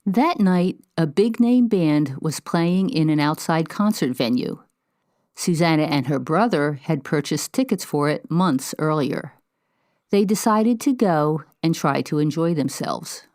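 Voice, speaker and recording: A woman host giving measured, scripted narration of a story. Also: low voice, animated, darkish tone, no echo, clean studio sound.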